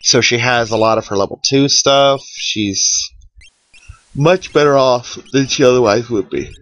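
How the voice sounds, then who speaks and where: A man's voice: mid-range voice, measured pace, fairly bright tone, highs cut off. A man giving casual, wry commentary over a game he is playing, sounding worn out. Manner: chatty, wry, tired and yawning. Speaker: let's play commentator.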